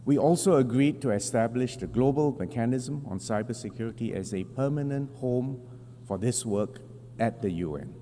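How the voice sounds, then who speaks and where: A man giving a formal prepared speech to a large assembly, in measured, deliberate phrasing with emphatic stresses, at a podium microphone. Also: mid-range voice, animated, dark tone. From Singapore. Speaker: national representative addressing the General Assembly. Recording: long hall reverb with faint hum.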